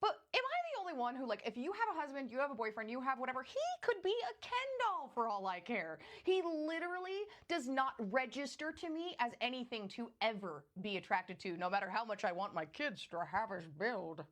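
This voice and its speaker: A chatty woman hosting a recap vlog, quick with sarcastic jabs. Her voice sits slightly high and leaps around a lot as she talks straight to her audience. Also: expressive, fairly bright tone. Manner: chatty, sarcastic, addresses viewer directly. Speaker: host. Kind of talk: casual recap commentary.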